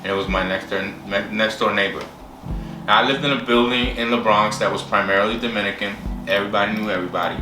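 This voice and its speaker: Candid man with a low voice. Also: fairly even intonation. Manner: candid, halting, with many fillers and acted quotes. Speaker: interviewee sharing his story. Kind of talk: personal storytelling. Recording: roomy distant mic with music behind.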